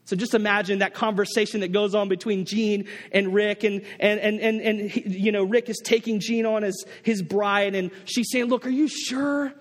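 Sitting high in pitch, the preacher's voice runs at a normal speed with hardly any pauses, echoing with big-room sound. His sermon becomes a story told through many restarts and animated impressions of its characters.

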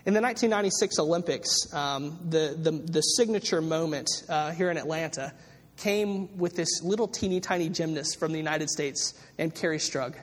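A man with a high voice preaches a sermon, telling a long story with plenty of ums and restarts. His voice rings out with a long hall reverb around it. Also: moderate pace. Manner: storytelling with many fillers and restarts. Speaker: pastor.

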